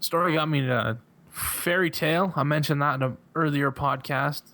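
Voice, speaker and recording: A man's voice: a little high, moderate pace, pushed and bright, a little hiss or hum. A young man, a podcast guest, chatting casually, rambling with lots of fillers and laughing often. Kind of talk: casual chat.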